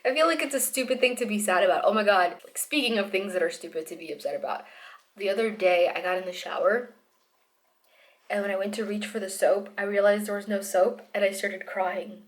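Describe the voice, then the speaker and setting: Young pregnant woman, casual video-diary vlogger, rambling and self-interrupting, mid-pitched voice, camera mic. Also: brisk. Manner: rambling, with restarts and laughter.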